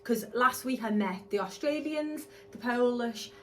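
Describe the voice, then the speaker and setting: A woman, co-hosting a podcast and telling stories excitedly in casual chat. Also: on the high side, measured pace, slight background noise. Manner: excitable, animated storytelling. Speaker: podcast co-host, hair extensionist.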